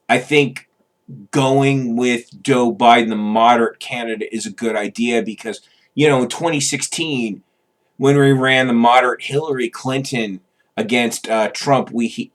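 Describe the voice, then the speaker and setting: A man's voice: medium pitch, a bit bright, lightly acted. A man doing a confused, bumbling old voter. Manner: bumbling, stammering, exclaiming. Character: confused, scared, old-timey male voter.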